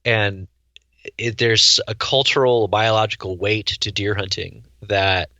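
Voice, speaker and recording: A man's voice: fairly low pitch, steady tone, a little slow, sharp tone, dry recording, lo-fi sound. A middle-aged man, a guest on a podcast, talking casually with dry wry humor and sometimes acting out other people's voices. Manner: dry, wry storyteller who acts out voices. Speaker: guest chef and hunter. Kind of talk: casual interview chat.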